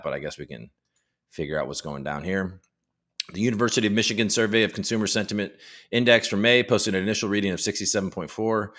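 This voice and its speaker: Guy hosting a live stream, sharp punchy voice, swears a lot, rambles and jokes. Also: sits low. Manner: profane, rambling, self-mocking banter; reads news headlines aloud. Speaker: livestream host. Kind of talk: casual live-stream chat.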